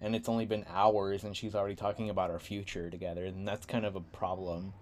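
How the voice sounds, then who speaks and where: A man's voice: low-pitched, level tone, fast talker, darkish tone, slight background noise. A young man from San Diego hosting a podcast, talking in a laid-back, rambling way and laughing often. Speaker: podcast host. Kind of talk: casual chat.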